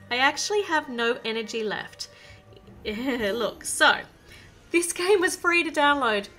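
A woman's voice: high-pitched, bright, forceful tone. A woman hosting a game channel, chatting and explaining as she plays and reads lines aloud. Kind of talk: let's-play game commentary.

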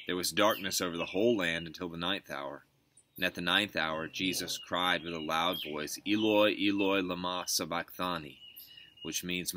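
A man with a very low but bright, forceful voice reads scripture as a pastor's devotional. He keeps a steady reading pace and lifts his voice for the quoted lines. He is recorded outdoors on a back porch with faint birdsong behind him. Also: a little hiss or hum. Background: birds singing.

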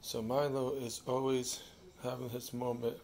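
A man reading a devotional slowly, stopping and restarting often, then talking fondly to his cat at home. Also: mid-range voice, level tone, gravelly, slight background noise. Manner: slow, halting reading with restarts; fond, soft talk to his cat.

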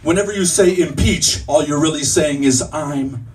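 A man's voice: a little high, normal speed, a little mellow. A man performing stand-up comedy as a fake motivational speaker, mock-earnest and stumbling over his own puns, on a comedy club stage. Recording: distant mic with faint room noise.

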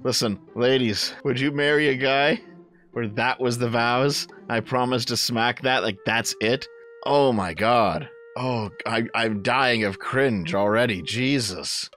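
A man reacting to video clips, loud, crude and quick to exclaim. His pitch sits in a middling range. Faint music runs underneath. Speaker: commentary host.

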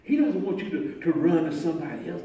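A man, preaching a sermon as pastor, telling a story and moving between quiet talk and shouting. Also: a little high, lively intonation, quick pace, gravelly, highs cut off. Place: church sanctuary. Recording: echoey church room from far off, faint noise.

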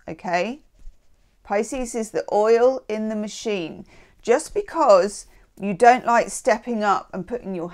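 A woman giving a casual, chatty tarot reading. She is encouraging and often checks in with "okay?". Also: medium pitch. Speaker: tarot reader.

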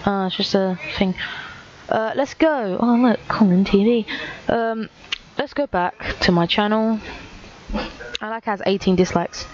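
A woman's voice: medium pitch, a little mellow. A teenage girl talks through viewer comments with a sarcastic, self-mocking edge. Her voice sits in an ordinary middle register. The recording sounds dull and lo-fi, with a faint hiss underneath. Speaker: YouTuber. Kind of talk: casual commentary reading comments.

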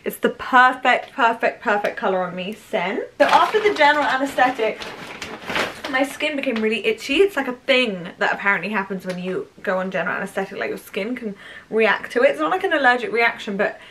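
Brisk and expressive, a woman from the United Kingdom with a slightly high voice gushes over her haul in a casual beauty-vlog chat, leaning heavily on "like." There is background noise.

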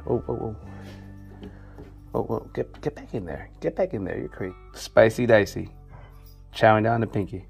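A man casually chatting on a vlog as he shows his snakes, talking softly and coaxing them. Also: fairly low pitch, expressive, normal speed, vocal fry, long pauses, breathy edge, soft background music. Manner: laid-back, talks softly to his snakes. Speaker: snake keeper showing his collection. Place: indoor snake room.

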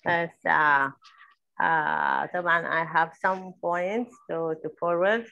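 A woman whose first language is Arabic, speaking haltingly in English with Arabic phrases mixed in, in an online group discussion. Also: on the low side, steady tone, vocal fry, bright, forceful tone, lo-fi sound. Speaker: discussion participant.

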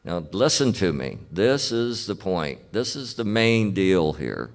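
A man's voice: deep voice, big pitch swings, unhurried. A man preaching a sermon as pastor, telling stories in a folksy, plain-spoken way in church. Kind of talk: storytelling sermon.

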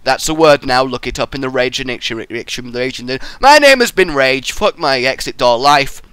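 A young man giving excitable, jokey let's play commentary as he plays through puzzle maps, yelping and shouting when he fails. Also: mid-range voice, moderate pace, smooth, dry recording. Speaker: gaming YouTuber.

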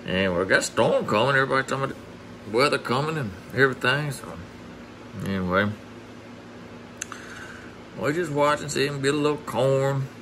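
A man's voice: mid-range voice, lively intonation, fairly quick, pauses often, background noise. A man narrating a casual outdoor vlog as a hog trapper, chatting in a folksy way with asides to his viewers. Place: outdoors near a house.

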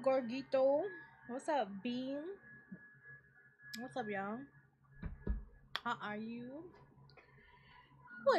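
A young woman streaming a game, reacting loudly with shrieks and laughs and talking back to the game in slang. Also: sits high. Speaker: gaming streamer. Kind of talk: live gameplay commentary.

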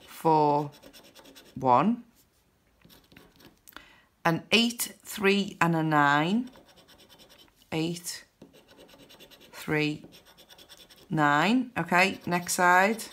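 A woman hosting a scratchcard video, counting numbers aloud in casual narration with bursts of excited whoops. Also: on the low side, extremely slow, long pauses. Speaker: scratchcard channel host.

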